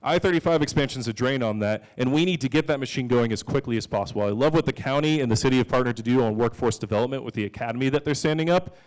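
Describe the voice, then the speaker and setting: A man's voice: medium pitch, rapid-fire, hardly any pauses. A young man, a council candidate, giving an earnest, emphatic answer at a candidate forum.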